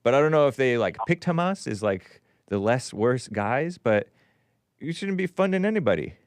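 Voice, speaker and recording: Laid-back male call-in host, smooth voice. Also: medium pitch, very animated, moderate pace, no echo, studio quality. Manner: laid-back, agreeable, chuckles often. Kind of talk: casual call-in chat.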